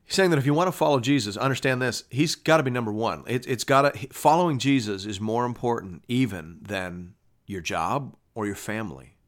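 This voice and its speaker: Man, pastor, radio Bible teacher, middle pitch, conversational, checks in with "right?", restarts phrases, voice climbs when stressing a point. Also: a little fast. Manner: rises sharply in pitch and volume when pressing a point. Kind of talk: radio Bible teaching, reading scripture and explaining it.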